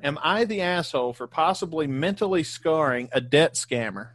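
A man's voice: on the high side, lively intonation, moderate pace, fairly bright tone. Easygoing man reading posts aloud. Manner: easygoing, laughs while reading. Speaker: podcast host.

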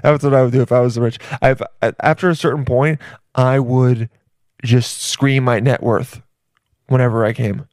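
A man's voice: mid-range voice, steady tone, moderate pace, darkish tone, no room sound, studio quality. Crude, rambling comedic man. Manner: crude, rambling, with many restarts and swearing.

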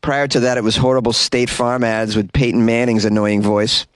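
A man's voice: medium pitch, flat delivery, moderate pace, no echo. A man hosting a solo comedy news podcast, rambling, stumbling over foreign names and chuckling at his own jokes, recorded in a closet.

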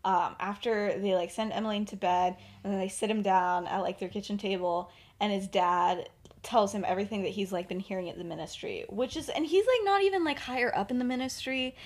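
A woman's voice: medium pitch, a little fast. Rambling woman podcast host. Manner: rambling, many fillers, laughs often. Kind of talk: casual retelling of a fan story.

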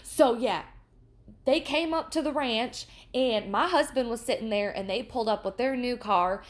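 A loud, chummy diner waitress with a folksy drawl, telling a story to her regulars, as a woman puts her on. The voice sits high and carries across the room. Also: moderate pace, lightly acted.

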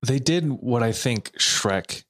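A man's voice: mid-range voice, expressive, slow pace, a bit bright, no echo. A man co-hosting a podcast in casual chat, laid-back and a little hesitant, laughing often. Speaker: podcast co-host.

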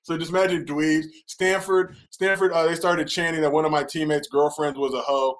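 A former college basketball player telling loose, profane stories in a casual podcast chat. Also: male voice, fairly high pitch, normal speed. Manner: loose, profane storytelling with lively voiced asides.

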